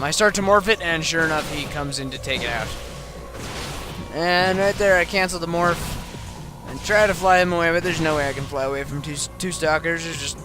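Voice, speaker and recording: A tired man who has been up all night, casually talking through his own game replay with lots of ums and restarts. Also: a little high. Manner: halting, many ums and restarts.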